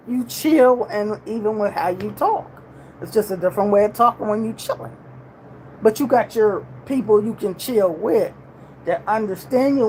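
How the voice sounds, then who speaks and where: On a rough recording with faint room noise, a sixty-something livestream host chats with viewers in a relaxed drawl. Her grammar is slangy and everyday, and her pitch holds steady in the middle.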